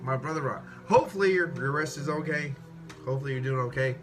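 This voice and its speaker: A man tasting and reviewing beer in a casual vlog, excitable and rambling, swearing freely and a bit tipsy after several beers. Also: medium pitch, fast. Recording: music playing clearly behind the voice.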